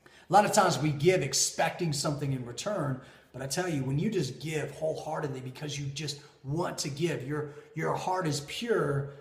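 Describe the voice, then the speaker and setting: A man in his thirties speaks as a leadership coach, telling a personal story with lively swings between loud and soft. His voice sits a little high. The sound bounces around an echoey room. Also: moderate pace. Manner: animated, with big swings in pitch and loudness. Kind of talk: motivational storytelling to camera.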